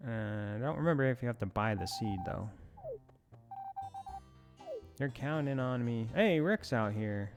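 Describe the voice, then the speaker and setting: A man's voice: medium pitch, a little fast, music in the background. A man giving casual commentary as he plays a farming game, rambling with self-amused asides. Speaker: let's play host.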